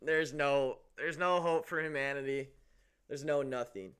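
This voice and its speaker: A man's voice: on the high side, a little slow, a bit bright, smooth. A man co-hosting a sports show, talking bluntly and with profanity in casual chat. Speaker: sports podcast co-host.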